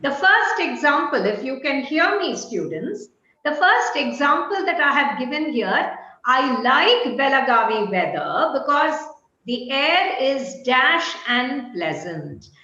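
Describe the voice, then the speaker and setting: A woman's voice: high voice, big pitch swings, takes it slowly, pushed and bright. A woman teaching an online lesson. She poses questions to the class and answers them herself. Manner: quizzes herself and answers firmly. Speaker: English teacher. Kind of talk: online lecture. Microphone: video call. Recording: echoey room, dull lo-fi call audio.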